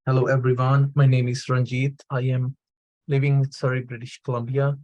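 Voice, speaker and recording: Careful, flat-toned man on a dry call. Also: mid-range voice, moderate pace, no room sound, rough recording. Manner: careful, hesitant. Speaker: participant. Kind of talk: casual self-introduction. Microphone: video call.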